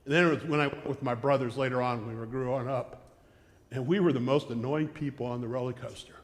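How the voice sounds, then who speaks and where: A man with an American accent preaching a sermon, telling stories and acting out shouted quotes. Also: mid-range voice, steady tone, fast, in a large hall. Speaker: pastor. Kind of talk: sermon with storytelling. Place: church sanctuary.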